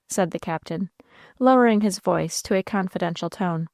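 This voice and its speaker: A woman's voice: fairly low pitch, moderate pace, a little mellow, no room sound. Woman reading an audiobook, dry sound. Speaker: audiobook narrator. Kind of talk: scripted narration.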